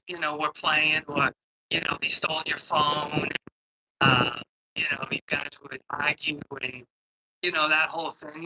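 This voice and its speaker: Bright-voiced man, rambling caller. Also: a little high, a little hiss or hum, rough recording. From Boston, Massachusetts. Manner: rambling, hesitant, profane ranting. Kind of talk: casual call-in chat. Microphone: computer microphone.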